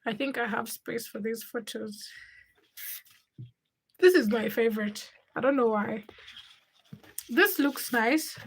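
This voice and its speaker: Chatty high-voiced woman livestreaming. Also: slow, pauses often, slightly rough. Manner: chatty, reads viewer comments aloud and answers them while cooking. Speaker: livestream host. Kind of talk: casual livestream chat, reading comments.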